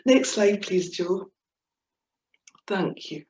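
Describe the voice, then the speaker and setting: A woman's voice: mid-range voice, expressive, extremely slow, reverberant, slight background noise, low-quality recording. A Scottish woman from Inverness, a writer giving a chatty, playful webinar talk with Scots words dropped in. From Scotland, Inverness. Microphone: video call.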